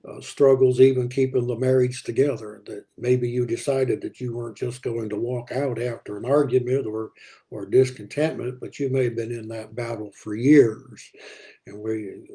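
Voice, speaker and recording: A male preacher gives a daily Bible devotional. His voice is gravelly and warm. He talks unhurriedly, with many filler words and restarts. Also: mid-range voice, fairly even intonation, moderate pace.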